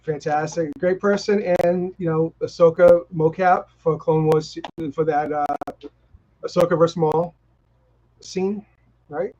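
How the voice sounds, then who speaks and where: A man with a Boston accent talks in an eager, rambling way and keeps restarting his sentences. His voice sits a bit high for a man. The sound is dull and lo-fi, like a video call on a live stream. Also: fairly even intonation, measured pace, dark tone, slight background noise. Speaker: co-host. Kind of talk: casual chat.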